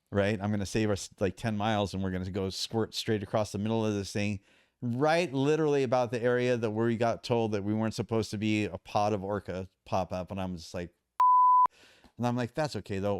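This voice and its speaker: A man's voice: fairly low pitch, smooth, dry recording, studio quality. A man guesting on a podcast, telling a story casually and acting out the quoted dialogue.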